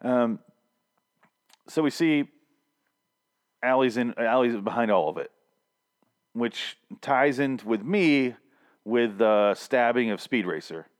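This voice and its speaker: A man's voice: medium pitch, slow, pauses often, clean tone. A man recapping a TV episode in a casual, rambling, profane, wisecracking way. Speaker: TV show reviewer.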